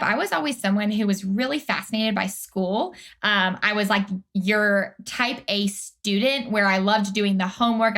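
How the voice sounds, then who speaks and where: A young woman from Atlanta chats as a podcast guest at an easy middle pitch. She talks in a bright, upbeat way, packed with fillers and asides. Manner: chatty, upbeat, frequent fillers and laughs. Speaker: guest, career strategist. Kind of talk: casual interview chat.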